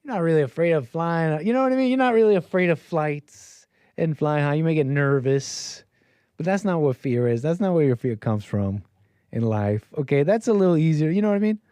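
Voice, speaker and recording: A man hosting a call-in show, mocking and rambling as he riffs on the news. His voice sits a little high but sounds mellow. The recording is dry and close to the mic. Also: expressive, a little fast, smooth, dry recording. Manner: mocking, rambling, quotes people in silly voices. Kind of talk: casual on-air commentary.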